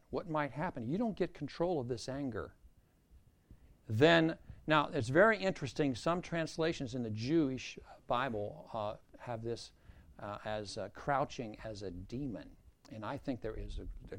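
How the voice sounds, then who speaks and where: A man preaching a sermon as a pastor, emphatic and repeating key phrases for weight. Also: on the high side.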